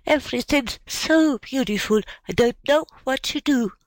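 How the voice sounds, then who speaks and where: A woman reading an audiobook, voicing a small girl who is overwhelmed with joy, in a high, breathless voice. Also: expressive, moderate pace, no echo, poor audio. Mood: overjoyed. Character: little girl, joyful and tearful. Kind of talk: storybook character voice.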